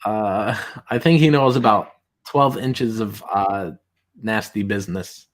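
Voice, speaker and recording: A man hosting a livestream, chatting casually and reading comments aloud in mocking voices. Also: measured pace. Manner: reads tweets aloud in mocking high voices, laughs often. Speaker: streamer host.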